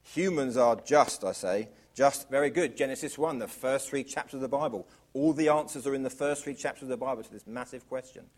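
A man's voice: mid-range voice, brisk, few pauses. Man preaching a sermon. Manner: varies volume widely, drops to quiet emphasis; asks the audience rhetorical questions.

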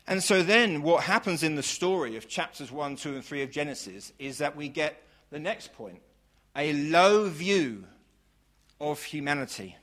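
A man preaching a sermon, piling up long lists of praise words and swinging from loud declarations to hushed, slow lines. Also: on the high side, animated.

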